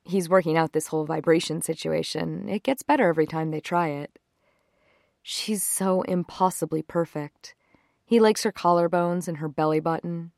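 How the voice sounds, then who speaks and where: Low-voiced woman reading a romance aloud. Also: moderate pace, vocal fry, a little mellow, dry recording, clean studio sound. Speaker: narrator.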